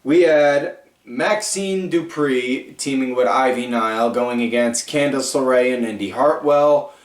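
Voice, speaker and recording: A man's voice: medium pitch, measured pace. Man rambling through an echoey recap. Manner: rambling, animated storytelling with lots of fillers. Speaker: podcast host. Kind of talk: casual wrestling recap. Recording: echoey room, far from mic.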